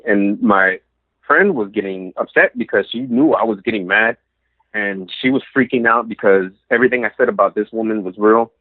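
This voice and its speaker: A man's voice: lowish voice, no room sound. Man telling a tale over a tinny line. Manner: animated, acts out quoted lines. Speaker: guest. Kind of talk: storytelling in a podcast interview. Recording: dry, phone-like lo-fi audio.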